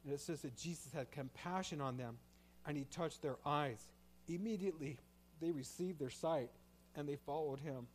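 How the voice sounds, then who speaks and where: A male pastor preaching a sermon, moving from quiet, reflective passages to loud, impassioned pleas. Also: on the high side, normal speed, a little hiss or hum.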